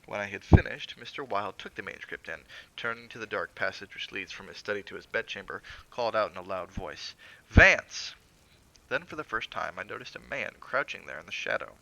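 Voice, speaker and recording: A man giving a measured, theatrical reading of a classic horror story aloud, with occasional stumbles. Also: fairly low pitch, lively intonation, gravelly, bright, forceful tone, poor audio.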